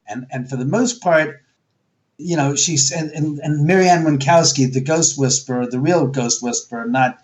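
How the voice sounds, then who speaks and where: A man's voice: fairly high pitch, normal speed. A man being interviewed as a guest, talking bluntly with plenty of swearing and acting out quotes as he tells his stories. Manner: blunt, profane, storytelling with acted quotes. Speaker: guest, haunted house owner. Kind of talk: animated interview talk.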